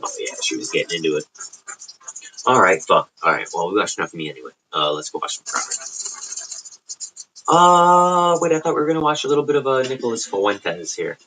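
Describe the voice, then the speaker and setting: Broadcasting casually from home late at night, this suburban Chicago man rambles profanely as a livestream host. He talks fast in a low, bright, forceful voice with lively intonation, over slight background noise on a low-quality recording.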